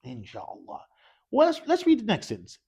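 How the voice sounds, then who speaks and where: A man's voice: very high-pitched, huge pitch swings, moderate pace, mellow, husky. A man teaching an Arabic class in a mosque classroom, leading call-and-response drills and quizzing students with casual, encouraging prompts.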